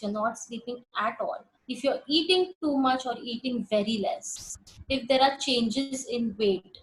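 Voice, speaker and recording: Indian english woman psychologist lecturing on a webinar, kinda high voice, earnest, repeats herself a lot. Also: rough recording. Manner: earnest, emphatic, repeats words while rephrasing.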